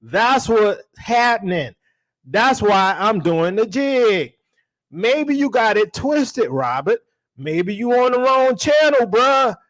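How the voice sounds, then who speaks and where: High-pitched and sing-song, with a fairly bright tone, this man takes his time preaching to a livestream crowd. He talks in slang, addresses everyone as y'all, and repeatedly poses rhetorical questions.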